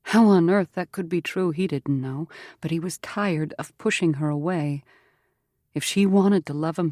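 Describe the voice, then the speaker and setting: A woman narrating an audiobook in a measured, earnest storytelling manner on a close mic. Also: deep voice, warm tone, no room sound. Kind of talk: scripted narration.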